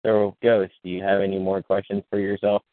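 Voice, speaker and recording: A man co-hosting a comedy podcast, tossing out quick wisecracks and groans. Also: low voice, level tone, dry recording. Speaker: podcast co-host. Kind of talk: joking banter. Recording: dry tinny phone-like line.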